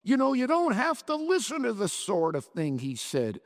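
A man's voice: very high voice, huge pitch swings, normal speed, long reverb tail, exaggerated voice. A man voicing an irritable, tired husband in a dramatic story reading, exasperated and bitter. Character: weary, irritable middle-aged husband.

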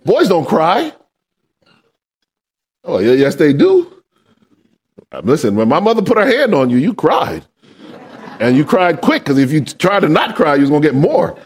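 A man preaching a sermon in a high, bright voice that rises and falls with wide swings. He asks the congregation to fill in his sentences and drives his main points home with shouts. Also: very animated, normal speed, slightly rough. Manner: call-and-response questions to the congregation; builds to shouted emphasis. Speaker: pastor.

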